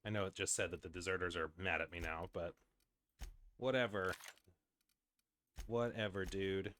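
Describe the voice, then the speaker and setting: A man's voice: sits low, flat delivery, fast talker, bright, forceful tone, a little hiss or hum. A man streaming a video game, chatting casually with lots of fillers and wry asides. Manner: rambling, filler-heavy, wry. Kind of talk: casual gameplay commentary.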